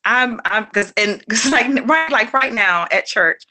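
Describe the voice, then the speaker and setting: A woman and homeschooling mother, a guest in a casual interview. She talks in a rambling, animated way, with many fillers and restarts and quick laughs, and she acts out her children's lines. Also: a little high.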